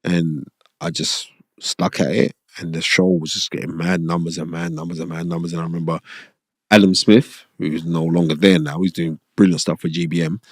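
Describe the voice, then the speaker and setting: Animated British man, low dry voice. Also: normal speed, no room sound. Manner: animated, acts out quoted people in raised voices. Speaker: boxing promoter and pundit, guest. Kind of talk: casual storytelling interview.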